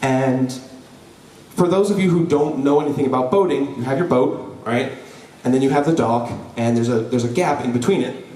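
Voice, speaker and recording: A young man telling a personal story live before an audience, lively and joking, with frequent "right?" asides to the crowd. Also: mid-range voice, normal speed. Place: event hall before an audience. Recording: roomy hall, voice from a distance.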